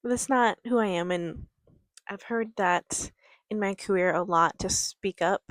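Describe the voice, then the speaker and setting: Soft-spoken gentle woman life coach, dry sound. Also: medium pitch, no echo. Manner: gentle, calm and quiet; unhurried, patient delivery. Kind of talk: reflective motivational talk to camera. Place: outdoors near a creek.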